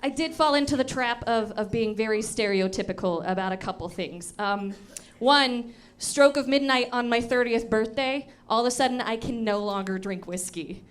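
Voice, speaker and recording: A woman's voice: a little high, moderate pace, smooth. A woman in her thirties doing a stand-up comedy set in a comedy club, telling self-mocking stories playfully into a handheld mic. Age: 30s.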